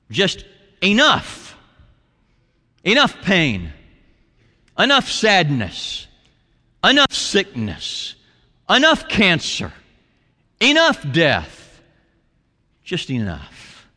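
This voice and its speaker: A male pastor with a bright, ringing voice delivers a sermon, shifting between storytelling and quiet, tender passages. His words carry a long reverb through the church hall. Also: mid-range voice. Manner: storytelling with quoted voices, soft and intimate at times. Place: church sanctuary.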